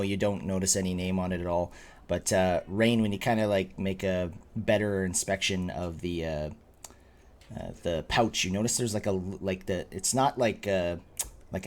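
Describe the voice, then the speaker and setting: A man narrating as game master of a tabletop game, rambling with many fillers and frequent laughs. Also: deep voice.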